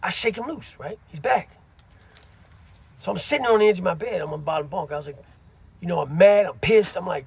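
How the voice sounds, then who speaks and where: A man's voice: sits high, brisk, creaky, long pauses, breathy edge. A middle-aged man casually telling a story from his time in prison, using street slang and frequent asides.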